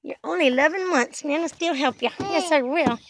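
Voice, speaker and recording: A woman's voice: high voice, fairly quick, very noisy. An older woman, a grandmother, talking baby talk to her toddler grandson in a sing-song, coaxing, playful way, outdoors in a back yard.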